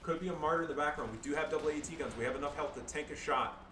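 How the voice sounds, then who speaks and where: A man's voice: a little high, rapid-fire. A man casually commentating his own strategy game match, joking and swearing loosely. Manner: joking, loose, swears, fillers like "you know". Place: home room with family around. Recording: echoey room, far-off mic, background noise.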